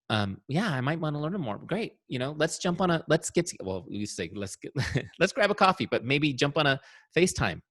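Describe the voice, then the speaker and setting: A man teaching an online sales training, coaching energetically and walking through software on screen. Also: mid-range voice, no room sound, clean studio sound.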